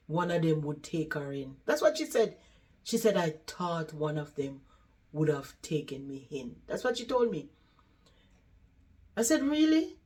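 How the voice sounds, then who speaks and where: A woman who works as a caregiver, earnestly retelling a patient's story in a conversational vlog. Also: low voice. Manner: earnest, conversational retelling with many "she said" tags.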